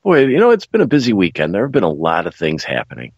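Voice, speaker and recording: Chicago-accented co-host on a muffled line. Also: male voice, fairly low pitch, huge pitch swings, slightly rough, no echo. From Chicago area. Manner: halting, restarts, dry teasing. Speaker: radio co-host. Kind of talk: casual radio chat.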